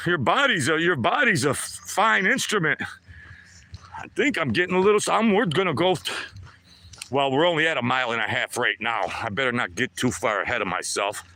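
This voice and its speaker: A man's voice: medium pitch, animated, fairly quick, bright, forceful tone, a little hiss or hum. A man in his sixties talking to himself as he walks outdoors on a lakeside trail, chatty and upbeat, streaming live to viewers. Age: 60s. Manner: talks to himself while walking, chatty and upbeat. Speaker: vlogger. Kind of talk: live walking vlog.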